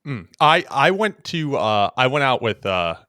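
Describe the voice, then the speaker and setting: A young man with a mid-range voice and measured pace co-hosts a podcast, chatting casually and telling animated stories with lots of laughter. The sound is dry and clean, studio quality.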